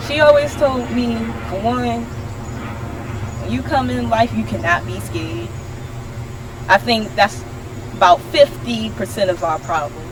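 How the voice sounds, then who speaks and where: A young woman hosting a casual podcast chat, frank and animated, swearing freely. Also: on the high side, a little slow, long pauses. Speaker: podcast host. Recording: noisy background.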